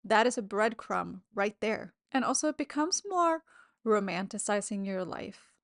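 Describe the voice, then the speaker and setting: Her mid-range voice is gravelly and animated, and she speaks unhurriedly, hosting her own podcast in a loose, candid monologue full of swearing and laughter between thoughts. There's no echo, just clean studio sound.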